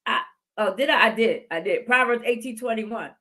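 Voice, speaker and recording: A woman's voice: on the high side, moderate pace, a bit bright. A woman in her fifties hosting a podcast, giving heartfelt motivational faith talk and repeating phrases for emphasis. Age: 50s. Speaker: podcast host.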